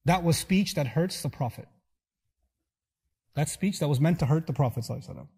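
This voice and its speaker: A man giving a lecture, animated and acting out little dialogues in quoted voices. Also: fairly high pitch, fast talker, vocal fry, slightly rough. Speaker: speaker giving a talk. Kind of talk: lecture on scripture.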